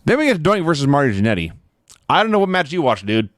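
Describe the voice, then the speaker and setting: An enthusiastic man co-hosting a wrestling podcast, defending the matches he loved. His fairly high voice rises and falls a lot, recorded dry and close. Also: big pitch swings, fast talker, no echo. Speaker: podcast co-host. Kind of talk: casual wrestling recap chat.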